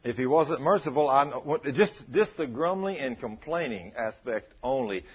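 A man preaching a sermon, calling out to his congregation and acting out prayers in an animated way. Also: mid-range voice, moderate pace, husky, lo-fi sound.

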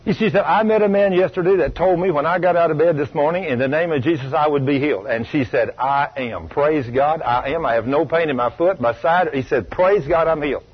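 A man preaching a sermon, telling a story in a folksy, emphatic way that swings between loud bursts and low asides. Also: brisk, few pauses, slightly rough. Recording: dull lo-fi radio recording.

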